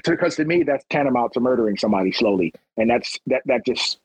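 A middle-aged police officer from Long Beach, California, tells stories in a casual interview, animatedly acting out the people he quotes. His mid-range voice is fast with a breathy edge. The recording is rough but has no echo.

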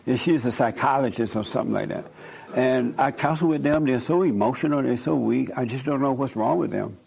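Gravelly man telling stories emphatically. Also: mid-range voice, fairly quick, darkish tone, poor audio. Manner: emphatic, repetitive, quotes himself and others in dialogue. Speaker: counselor. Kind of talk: informal storytelling talk.

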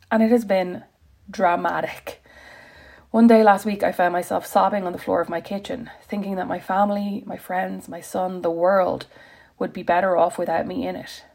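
A woman's voice: on the low side, gravelly, a little mellow. A woman reading her own reflective personal post aloud, wry, self-deprecating and confessional.

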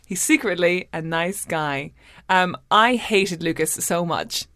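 A woman's voice: lowish voice, slow, pushed and bright, no room sound, clean studio sound. A woman hosting a casual book podcast, talking chattily with fillers and tag questions. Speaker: podcast host.

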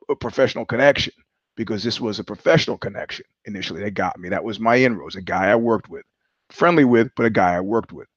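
A man's voice: mid-range voice, no room sound, dull audio. A man hosting a podcast, telling a long, digressive story with profanity, chuckling as he goes. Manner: digressive, profane, laughs mid-sentence. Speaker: podcast host. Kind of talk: rambling storytelling monologue.

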